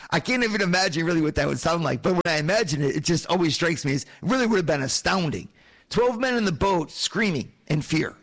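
A man's voice: fairly high pitch, fairly bright tone, breathy edge. A man giving a Bible teaching, retelling the scene vividly and asking his listeners rhetorical questions. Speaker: preacher. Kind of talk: sermon-style Bible teaching.

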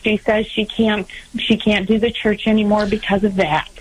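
A woman's voice: mid-range voice, little pitch movement, normal speed, husky, rough recording. A middle-aged woman calling in to a radio show, hesitant and full of ums. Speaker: caller.

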